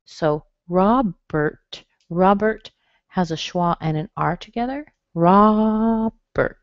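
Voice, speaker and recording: A low-pitched woman who talks slowly as she teaches pronunciation online. She says each word again and again in a patient way. The webinar audio is dull and muffled, with a dry, close sound. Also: expressive, no room sound. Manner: slow, patient, repeats words for drill. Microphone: computer mic.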